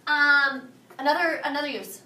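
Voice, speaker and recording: A woman teaching a Spanish review lesson to a high school class, firing questions and having students repeat after her. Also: moderate pace, sharp tone. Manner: drills students with call-and-response questions. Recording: echoey classroom from far off.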